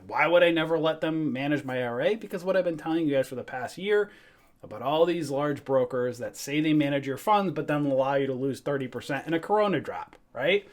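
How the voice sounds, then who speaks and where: Animated ranting man, swears freely. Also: fairly high pitch. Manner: animated, profane, ranting with voiced quotes. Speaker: trading show host. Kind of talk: casual livestream rant.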